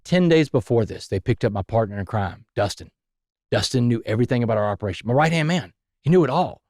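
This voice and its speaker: A man's voice: mid-range voice, animated, fast talker, a little mellow, dry recording, studio quality. A man, a podcast guest, telling his life story in a vivid, dramatic way.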